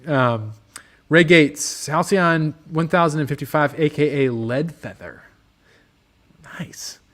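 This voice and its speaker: Speaking slowly with a fairly high pitch, a man hosts a casual livestream from a motorcycle workshop. He reads viewer comments in a relaxed, rambling manner, with many ums and restarts.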